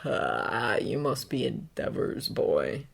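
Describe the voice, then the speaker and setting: A woman voicing a sinister adult male killer who speaks in a slow, oily drawl. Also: a bass voice, sing-song, vocal fry, breathy edge, pitched below the performer's own voice, exaggerated voice. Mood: menacing.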